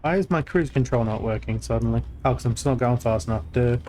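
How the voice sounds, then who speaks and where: A man's voice: mid-range voice, fast, mellow, faint music behind. Dry, sarcastic man on voice chat. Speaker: friend on voice chat. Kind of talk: casual gaming chat.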